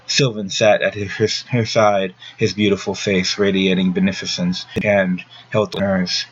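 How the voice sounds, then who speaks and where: A man with a low voice reads a gothic audiobook at a steady, even pace. The recording sounds dull and lo-fi, with a faint hiss underneath. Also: measured pace. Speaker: audiobook narrator. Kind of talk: scripted narration of a gothic novel.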